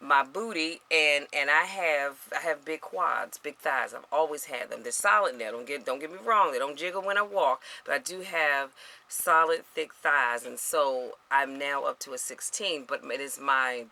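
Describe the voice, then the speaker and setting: A woman's voice: deep voice, normal speed, bright, forceful tone. A middle-aged woman vlogging, chatting animatedly to her viewers and calling them y'all and you guys. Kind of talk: casual chat to camera.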